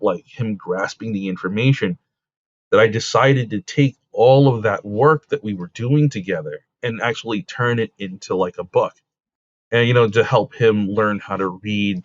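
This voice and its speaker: Low-voiced man telling a rambling story. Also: no echo. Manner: rambling, with many fillers like "like" and "you know"; laughs while telling stories. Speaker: comic book creator and guest. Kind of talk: casual storytelling in an interview. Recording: dull lo-fi dry recording.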